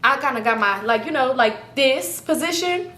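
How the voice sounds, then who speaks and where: A young woman telling a long story in casual, animated, slangy speech full of swearing, her voice jumping high for emphasis. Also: normal speed. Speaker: storyteller vlogger. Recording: echoey room with faint rumble.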